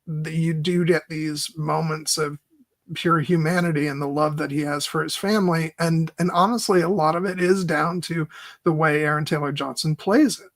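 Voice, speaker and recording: A man co-hosting a film podcast, talking in a halting, filler-heavy way and laughing as he retells scenes. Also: a little high, steady tone, a bit bright, dry recording, clean studio sound. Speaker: podcast co-host. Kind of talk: casual film discussion.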